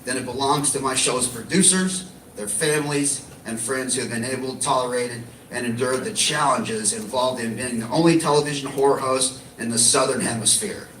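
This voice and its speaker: A man's voice: medium pitch, a little fast, fairly bright tone. An Australian man giving a wry, dry-humored acceptance speech as a horror host. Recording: echoey room, distant mic, faint noise.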